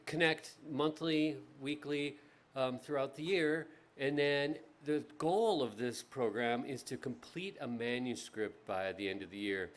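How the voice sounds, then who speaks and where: Chatty male festival emcee. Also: medium pitch. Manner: chatty, loose, with frequent ums and restarts. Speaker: festival host. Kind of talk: casual announcements and introductions. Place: outdoor tent stage.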